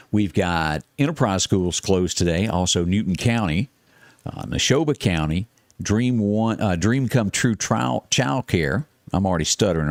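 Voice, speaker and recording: A very low-pitched man with a Mississippi Southern accent, hosting a casual morning show. He talks in a relaxed, halting way, full of fillers, and runs through long lists evenly. The sound is close and dry. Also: dry recording. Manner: reads long lists in a steady, even run. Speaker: morning show host giving weather and closings. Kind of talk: casual on-air chat and weather report.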